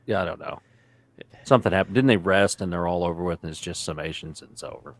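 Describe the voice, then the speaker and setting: A man's voice: deep voice, fast, dry recording. A man co-hosting a podcast in casual chat, reading articles aloud with offhand asides. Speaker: podcast co-host.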